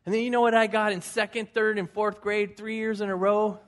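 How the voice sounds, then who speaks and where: Folksy high-voiced pastor preaching. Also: male voice, little pitch movement, brisk. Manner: folksy, conversational, anecdotal. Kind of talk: sermon.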